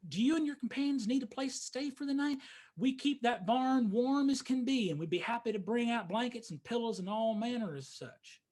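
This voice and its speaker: A man's voice: very high voice, fairly quick, darkish tone, pitched above the performer's own voice. A man voicing a humble, evasive old possum farmer with a folksy drawl. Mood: hospitable.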